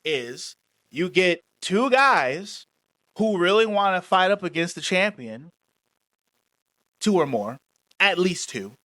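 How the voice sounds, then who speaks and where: A man's voice: high-pitched, very animated, slow pace, long pauses, sharp tone, dry recording. A man co-hosting a wrestling podcast, chatting casually and explaining at length in a laid-back way. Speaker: podcast co-host. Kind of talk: casual chat.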